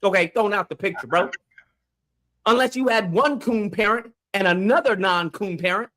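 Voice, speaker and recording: A man hosting a livestream call-in, shouting profane, angry rants at a caller. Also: sits high, normal speed. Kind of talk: heated call-in debate.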